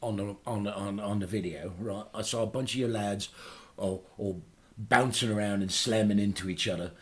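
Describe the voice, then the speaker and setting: A man's voice: lowish voice, steady tone, normal speed, lightly acted. A man playing a boastful aging British punk singer with a Liverpool accent, who guest hosts a radio show in a rambling, hesitant way. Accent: Liverpool English. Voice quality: rambling, hesitant, full of fillers. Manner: bursts into loud ranting. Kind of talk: comic radio character chat.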